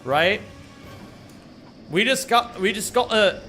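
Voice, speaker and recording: A man's voice: high-pitched, expressive, slow pace, a bit bright, soft background music. A young man live-streaming a game, joking around casually and greeting viewers by name. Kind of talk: casual live-stream chat while gaming.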